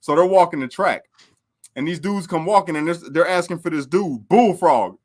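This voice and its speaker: A man who is a podcast guest, telling prison stories in a casual, animated, slangy way with frequent laughter. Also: a little high, moderate pace. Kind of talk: casual storytelling.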